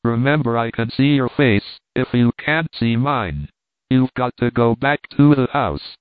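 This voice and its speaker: A man's voice: medium pitch, lively intonation, unhurried, clean tone, no echo, close to an everyday voice. A man voicing the grim, fierce Invisible Man. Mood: grim threats. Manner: tense, fierce commands. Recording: tinny phone-like line, dry.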